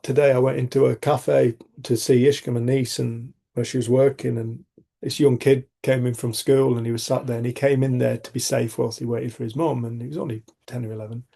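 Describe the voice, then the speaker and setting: A middle-aged man hosting a community group shares reflective personal stories, frank and rambling, restarting sentences and swearing casually. His medium-pitched voice is gravelly and warm, slightly rough, with a flat, fairly quick delivery.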